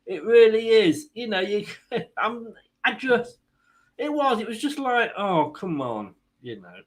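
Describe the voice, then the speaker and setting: A man's voice: high-pitched, big pitch swings, a little slow. A man hosting a football watchalong stream, mixing live match commentary with rambling, self-mocking jokes.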